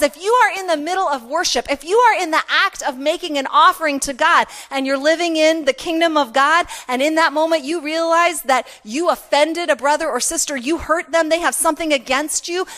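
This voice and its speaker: Woman, pastor, sermon, conversational, self-deprecating, emphatic repetition, high bright voice.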